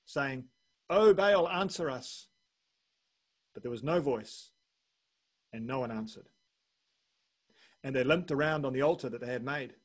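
A man preaching a sermon, reading a long scripture passage aloud and lifting his voice for the quoted speech. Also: mid-range voice.

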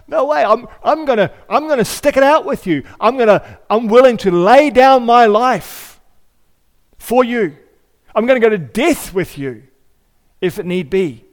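A man's voice: extremely high pitch, animated, unhurried, voice pushed up. A man voicing the Apostle Peter as a brash, eager man who protests that he will stay loyal. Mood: indignant. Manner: emphatic, indignant protest. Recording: long hall reverb.

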